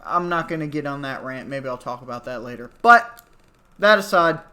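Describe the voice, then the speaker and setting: A man's voice: medium pitch, lively intonation, moderate pace, bright, forceful tone, clear, resonant tone. A man in his twenties ranting casually to his viewers, exasperated and sarcastic, swearing freely and rambling through asides. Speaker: vlogger. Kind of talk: casual rant to camera.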